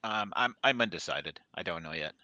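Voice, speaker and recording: A male guest on a live trading stream, talking in a laid-back, quiet way that trails off. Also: sits low, animated, a little fast, no room sound, lo-fi sound. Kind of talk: casual livestream chat.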